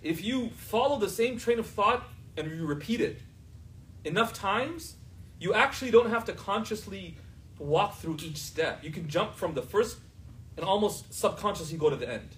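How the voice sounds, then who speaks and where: A man's voice: sits high, expressive, normal speed, a bit bright, far from the mic, a little hiss or hum, low-quality recording. A man teaching a class in a casual, conversational way, often checking whether his students understand.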